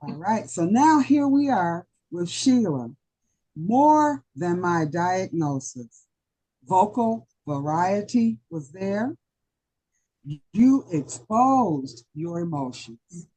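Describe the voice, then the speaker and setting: A woman giving a slow, deliberate evaluation of a speech at a club meeting, full of warm praise. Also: on the low side, big pitch swings, breathy edge.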